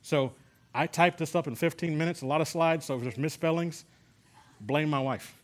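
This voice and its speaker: Guy preaching a laid-back sermon, slightly high voice, chatty with stories and questions. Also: moderate pace. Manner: conversational preaching with personal stories and rhetorical questions. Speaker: pastor teaching a healing class.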